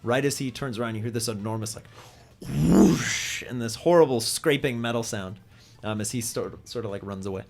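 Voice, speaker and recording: A man's voice: fairly low pitch, fast, faint music behind. Laid-back man running a tabletop game. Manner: relaxed, filler-heavy narration with sudden shouted character voices. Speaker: game master.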